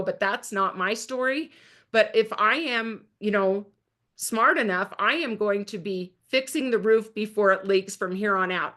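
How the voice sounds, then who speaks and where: A woman's voice: mid-range voice, a bit bright. A middle-aged woman sharing a personal testimonial as a product consultant, earnest and chatty, often calling her listeners "you guys".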